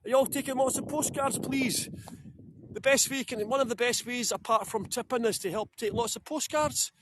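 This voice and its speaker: Scottish male tour guide, very high voice, chatty and joking, outdoors on a phone with faint street ambience. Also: a little fast, fairly bright tone, slight background noise. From Scotland. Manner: chatty, jokey, greets viewers by name. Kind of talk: live-streamed walking tour.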